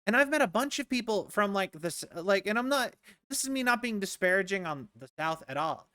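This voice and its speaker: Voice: medium pitch, lively intonation, a little fast, bright, forceful tone, no echo, clean studio sound. A streamer from the rural United States chatting casually and rambling while playing a game, full of "like"s and restarts. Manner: rambling, many "like"s and restarts, amused.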